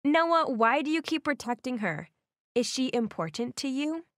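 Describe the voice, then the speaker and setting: A woman voicing a sarcastic teenage bully girl in an animated story, with a mocking manner. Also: sits high, moderate pace, dry recording, studio quality, voice pushed up. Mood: sulky.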